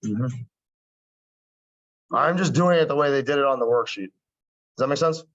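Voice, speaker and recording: On a dull, lo-fi classroom recording, a male math teacher lectures in a casual, conversational way, frequently checking that students are following and adding wry asides. His mid-range voice is expressive and fairly bright, at a moderate pace.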